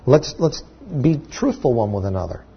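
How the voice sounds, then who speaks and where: A man's voice: medium pitch, animated, normal speed, breathy edge, muffled recording. A man preaching a sermon to his church, talking in a conversational way with restarts and sudden emphatic peaks. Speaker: pastor.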